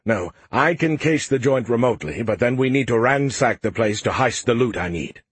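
A man's voice: medium pitch, lively intonation, normal speed, slightly rough, no echo. Man doing a smug, snarky alien AI. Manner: snarky, mocking, playful. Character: smug, boastful male alien AI.

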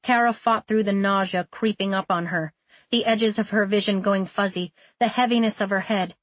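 Woman narrator for a dramatic novel, mid-pitched, dead-dry close mic. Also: steady tone, normal speed, no echo. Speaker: audiobook narrator. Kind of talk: scripted narration.

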